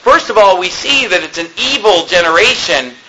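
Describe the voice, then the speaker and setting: Preacher guy going hard, high bright voice jumping all over, bit of hiss behind. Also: lively intonation, moderate pace. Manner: emphatic, shouting rebukes, reading scripture aloud. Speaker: pastor. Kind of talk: fiery sermon.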